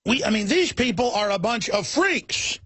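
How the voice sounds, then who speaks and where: A man hosting a radio talk show, ranting in a fiery, mocking way with quick tangents. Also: high voice, sing-song, fairly bright tone, husky, no echo.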